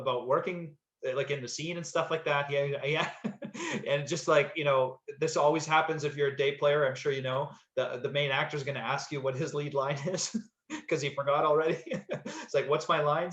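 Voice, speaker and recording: In a slightly dull, echoey room, an actor on a podcast casually rambles through a story with frequent fillers and restarts. His voice is fairly high and a bit bright.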